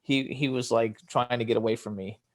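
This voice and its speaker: A man recalls things in a casual interview, laughing often and rambling with filler words. His voice sits at a middle pitch. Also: fairly even intonation, fairly quick, slight background noise. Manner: giggly, rambling, lots of fillers. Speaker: radio show host, interviewee.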